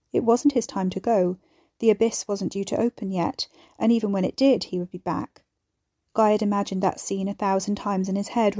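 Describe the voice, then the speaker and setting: A woman reads a chapter of a serialized story aloud at a steady, measured pace. Her voice is mellow and relaxed. The recording is dry and close. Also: mid-range voice, no echo. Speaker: narrator. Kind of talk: audiobook narration of a serialized story.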